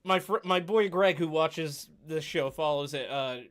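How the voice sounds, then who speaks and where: A man with a fairly high voice hosts a casual podcast chat. He talks earnestly, hunting for words and restarting his sentences. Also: measured pace, fairly bright tone. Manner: earnest, hesitant, full of fillers and restarts. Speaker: podcast host and streamer.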